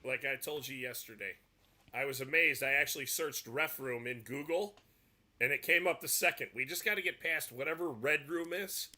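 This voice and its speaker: A man's voice: mid-range voice, moderate pace, pushed and bright. A man co-hosting a casual referee talk stream, easygoing and chiming in with short remarks. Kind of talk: casual live-stream chat.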